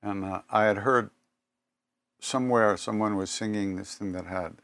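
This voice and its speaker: An older man giving a spiritual talk, telling personal stories in an unhurried, reflective way with pauses and self-corrections. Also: lowish voice, steady tone, creaky, fairly bright tone. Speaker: spiritual teacher.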